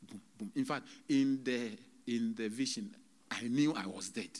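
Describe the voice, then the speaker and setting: A man preaching a sermon to a congregation, swinging between loud exclamations and hushed, whispered retelling, halting often as he speaks. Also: mid-range voice. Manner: halting, with many restarts and drawn-out words. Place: church service.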